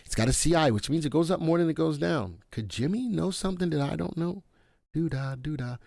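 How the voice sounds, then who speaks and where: A man's voice: fairly high pitch, animated, fast, vocal fry, a little mellow, no echo, clean studio sound. A man hosting a live stock analysis stream, chatty and playful, talking to his viewers by name. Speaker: live stock market show host.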